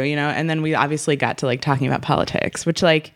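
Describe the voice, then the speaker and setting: A woman's voice: low-pitched, steady tone, fast talker, dry recording, clean studio sound. A woman of twenty-three in casual conversation as a guest, talking in a chatty way with many fillers and restarts. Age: 20s. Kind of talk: casual chat.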